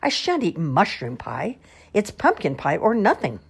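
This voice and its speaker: Woman doing a croaky hollering ancient wizard. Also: lowish voice, huge pitch swings, measured pace, exaggerated voice. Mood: shouting. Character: cranky 800-year-old male wizard.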